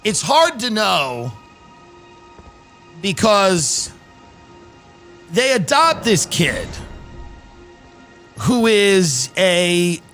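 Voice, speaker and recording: A man talks loosely on a comedy podcast, rambling from one point to the next with dry sarcasm. His voice sits high and sounds bright and forceful. Faint music plays beneath him. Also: big pitch swings, very slow, long pauses. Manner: rambling, reads news quotes aloud with dry sarcasm. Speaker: podcast host. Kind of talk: casual comedic podcast chat.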